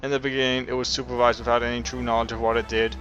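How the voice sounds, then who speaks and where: Flat robot-ish villain guy, scheming and cold, a man putting it on while playing a game, muffled lo-fi audio with game music under it. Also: medium pitch, rapid-fire, close to an everyday voice. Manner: flat mock-robotic reading. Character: scheming male villain reading lines in a robot voice. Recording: dull lo-fi sound with game music.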